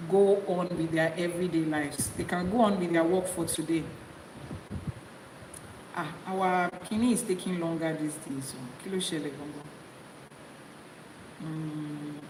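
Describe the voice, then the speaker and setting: A Nigerian woman with a Yoruba accent gives a live-streamed Ifa teaching, scolding her viewers in a forthright way. She moves between English and Yoruba as she answers their comments. Her voice rings in a roomy space with a long reverb tail and a faint hiss of noise behind it. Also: medium pitch.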